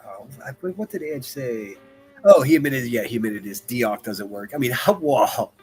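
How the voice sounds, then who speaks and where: A man hosting a livestream, reacting to clips with profane mockery, jumping from loud outbursts to muttered asides. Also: medium pitch, expressive, moderate pace, faint music behind. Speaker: livestream commentator.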